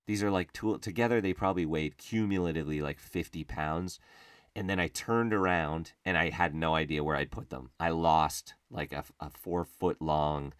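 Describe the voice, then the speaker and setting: A man with a very low voice rants through a casual comic monologue, sarcastic and freely profane. The sound is dry and close, with no room echo. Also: steady tone, moderate pace, smooth. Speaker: podcast host.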